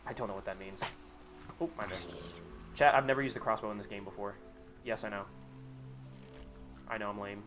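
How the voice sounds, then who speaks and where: A man's voice: fairly low pitch, steady tone, a little fast, pauses often, fairly bright tone, faint music behind. A man talking casually to his chat on a live gaming stream, rambling, sarcastic and freely profane.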